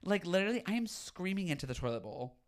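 A man's voice: high-pitched, very animated, fast. A young man hosting his own podcast, talking in a campy, dramatic, gossipy way and swearing freely. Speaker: podcast host. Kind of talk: casual solo podcast chat.

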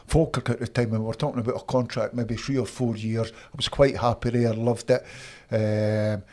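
Casting: Scottish man, fifties, animated storyteller, middle pitch. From Scotland. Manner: animated anecdotes, acts out quoted voices. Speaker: interview guest, former footballer. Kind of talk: storytelling in casual interview.

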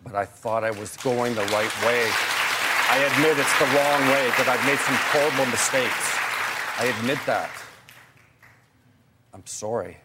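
An older man, a father appearing as a talk show guest, who speaks in a halting, remorseful and apologetic way. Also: medium pitch, a loud crowd, heavy background noise.

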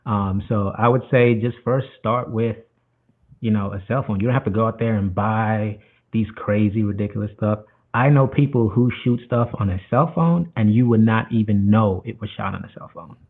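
A man guest giving advice in a casual interview, relaxed and full of fillers, over a tinny line. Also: lowish voice, moderate pace. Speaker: guest cinematographer.

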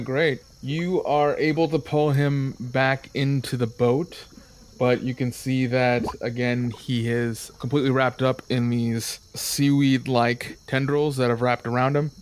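A man narrating as game master of a tabletop game, describing scenes in a relaxed way with fillers. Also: medium pitch, unhurried.

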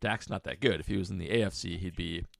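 A man's voice: sits low, fast, creaky, a little hiss or hum. A man co-hosting a casual sports podcast, rambling and correcting himself as he talks, and laughing easily. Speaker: podcast co-host.

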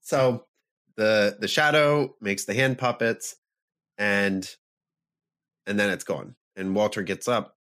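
A man co-hosting a podcast, walking through the plot in a low-ish voice. He is lively and laughs easily, in casual banter with his friends. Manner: animated, laughs often, recaps the plot. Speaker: podcast co-host. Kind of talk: casual chat recapping a film.

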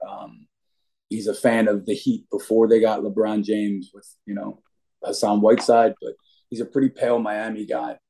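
A brash young man speaks as a wrestler guest on a podcast, trading put-downs with cocky swagger. His voice sits low and his tone is warm and mellow. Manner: brash trash-talking, cocky. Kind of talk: podcast interview.

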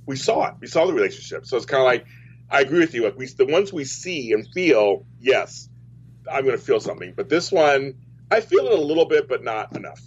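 Guy hosting a soap chat, rambly, restarts a lot, kinda husky, muffled audio. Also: mid-range voice, big pitch swings, a little fast. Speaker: soap opera show host. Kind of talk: casual chat. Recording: dull lo-fi audio.

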